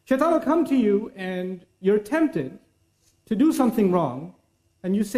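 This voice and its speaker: A man with a high, light voice delivers a sermon. He talks to the audience casually, acts out the excuses people tell themselves, and recites verses quickly in Arabic. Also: very animated, darkish tone. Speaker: preacher.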